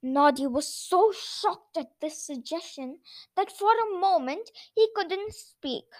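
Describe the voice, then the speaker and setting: Woman reading a bedtime story for kids, high bright voice, slow and expressive, dry close mic. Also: no room sound. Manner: gentle, expressive storybook narration. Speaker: storyteller host.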